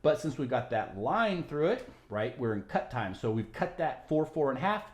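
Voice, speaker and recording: Man, violin teacher, patient step-by-step explaining, animated pitch, roomy echo. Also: moderate pace. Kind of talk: music tutorial. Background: violin playing.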